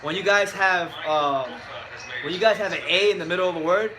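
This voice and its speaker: A man hosting a live boxing reaction stream, talking in an excitable, joking way and often repeating himself. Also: high voice, brisk, a crowd in the background. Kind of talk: live fight reaction chat. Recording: music playing behind.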